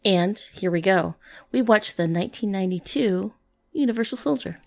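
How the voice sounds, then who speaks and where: A woman co-hosting a podcast in casual chat, laid-back and dry, chiming in with quick agreement. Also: medium pitch, creaky, no echo. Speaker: podcast co-host.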